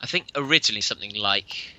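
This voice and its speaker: A man co-hosting a casual podcast from his bedroom, telling stories with lively mimicry. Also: quick pace, dry recording. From England. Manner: animated storyteller, mimics people with big pitch jumps. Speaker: podcast co-host. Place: bedroom at home.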